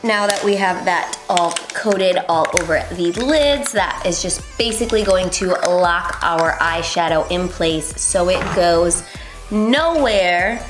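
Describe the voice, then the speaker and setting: A young beauty vlogger talks through a casual makeup tutorial in a lowish, animated voice, moving slowly. She rambles and chats with plenty of ums, in an echoey room with faint music behind her.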